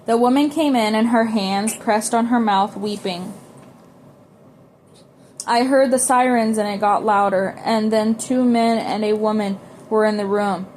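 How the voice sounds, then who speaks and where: Woman reader, mid-pitched voice, stumbling over words, faint hiss behind. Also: fairly even intonation, unhurried, a little mellow. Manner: unpolished reading with frequent slips and restarts. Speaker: audiobook reader. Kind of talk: reading a novel aloud.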